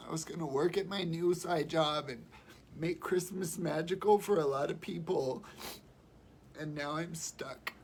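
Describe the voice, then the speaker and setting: A woman's voice: deep voice, unhurried, darkish tone, a little hiss or hum. A woman with a cold on a casual livestream from home, sounding congested and fighting back tears as she talks. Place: home, indoors. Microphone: phone or webcam on a live video.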